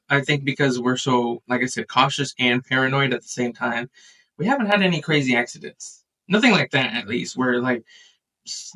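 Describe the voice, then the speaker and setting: A man in a casual podcast chat, telling a family story with lively acted-out quotes. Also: mid-range voice, far from the mic, low-quality recording. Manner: animated storyteller, acts out quotes.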